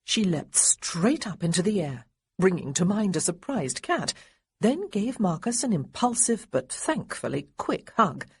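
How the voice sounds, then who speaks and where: A woman narrating a historical romance audiobook in an expressive way, lightly voicing the characters. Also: mid-range voice, unhurried, slightly rough, dry recording. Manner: expressive, voices the boys lightly. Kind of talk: scripted narration.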